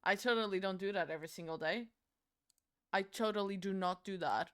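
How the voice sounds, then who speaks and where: A woman's voice: medium pitch, fairly quick, fairly bright tone, clear, resonant tone. A young woman from Portugal with a Portuguese accent, chatting casually and swearing freely while she does her makeup on stream. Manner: chatty, swearing, rambling with playful outbursts.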